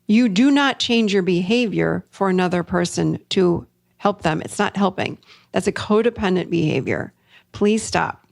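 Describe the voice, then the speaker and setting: A woman's voice: fairly low pitch, moderate pace, gravelly, no echo, clean studio sound. A middle-aged woman hosting a solo podcast as a therapist, talking animatedly and acting out her clients' words. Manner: animated, acts out client quotes.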